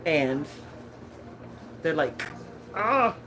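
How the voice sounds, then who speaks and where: Low-voiced and very animated, this woman draws out her words as she chats over background noise. She's a thirtysomething lifestyle vlogger from California, laughing a lot and stumbling through fillers and restarts.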